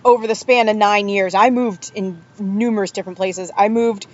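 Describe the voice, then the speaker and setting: A woman's voice: mid-range voice, fairly even intonation, normal speed, dull audio, a little hiss or hum. A woman guest on a podcast, chatting casually and rambling through loose anecdotes, recorded outdoors by a pool. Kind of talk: casual chat.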